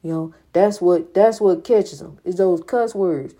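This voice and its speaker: A woman's voice: on the low side, measured pace, mellow. An older woman giving an informal, preaching monologue, repeating her points with emphasis in a folksy way. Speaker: spiritual speaker.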